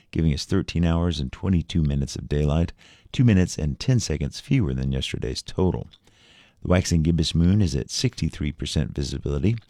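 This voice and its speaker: Very deep gravelly male radio announcer. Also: no echo, clean studio sound. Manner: steady, measured reading. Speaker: local public radio announcer. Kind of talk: read river report and sponsor credits.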